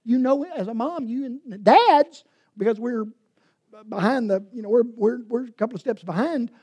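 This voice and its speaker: Husky, warm-voiced woman preacher. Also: a little high, normal speed. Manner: storytelling, swinging from loud to hushed whispers. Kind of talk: sermon.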